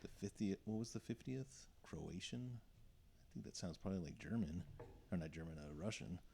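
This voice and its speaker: A man hosting a casual podcast chat, joking, blunt and quick to laugh. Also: low voice, expressive, creaky, warm tone, slight background noise.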